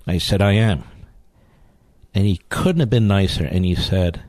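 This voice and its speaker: A man's voice: low-pitched, a little slow, long pauses, darkish tone, dry recording. A man hosting a political talk radio show, emphatic and indignant, firing rhetorical questions.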